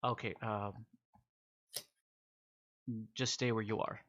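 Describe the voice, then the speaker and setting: A man's voice: lowish voice, flat delivery, takes it slowly, fairly bright tone, dull audio. A man voicing a stammering young weapons dealer. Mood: wary. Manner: stammering, awestruck. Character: jittery young male weapons dealer, messy hair.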